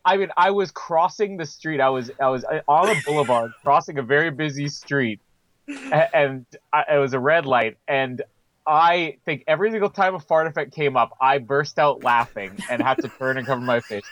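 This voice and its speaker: A man's voice: a little high, normal speed, fairly bright tone, low-quality recording. A man co-hosting a podcast in casual chat, telling stories animatedly and laughing often. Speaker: podcast co-host.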